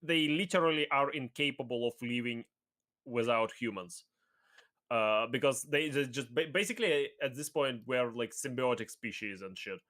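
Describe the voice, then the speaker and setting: A man's voice: medium pitch, normal speed, fairly bright tone. A young man in casual chat who rambles enthusiastically and swears offhandedly while debating a co-host.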